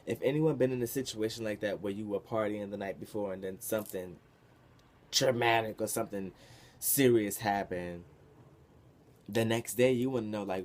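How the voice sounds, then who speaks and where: A young man telling a story from his past in a casual, animated, profane way, with sudden loud bursts. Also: on the low side, moderate pace. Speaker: vlogger.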